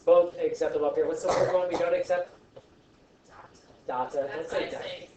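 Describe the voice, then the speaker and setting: A man's voice: on the high side, fast. Chatty man teaching from across an echoey room. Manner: chatty, joking, animated asides. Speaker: science teacher. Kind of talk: classroom lesson. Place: classroom. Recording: echoey classroom from far off.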